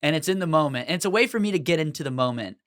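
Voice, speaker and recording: A man's voice: on the high side, lively intonation, rapid-fire, fairly bright tone, no echo, studio quality. A young man co-hosting a podcast, a stand-up comedian chatting casually, rambling and swearing, sometimes acting out customers. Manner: rambling, profane, acts out customer voices.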